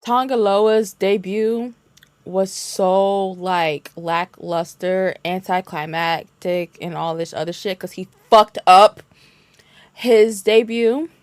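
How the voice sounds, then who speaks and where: A woman's voice: medium pitch, fairly even intonation, slow, smooth, no room sound. Casual woman co-host, dry close sound. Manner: loose, profane, lots of filler ums. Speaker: podcast co-host. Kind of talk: casual wrestling chat.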